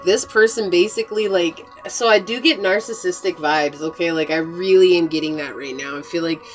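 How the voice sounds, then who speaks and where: Woman, lowish voice, chatty tarot reader talking to camera, faint music underneath. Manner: chatty and earnest, many "like" fillers. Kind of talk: casual tarot reading to camera.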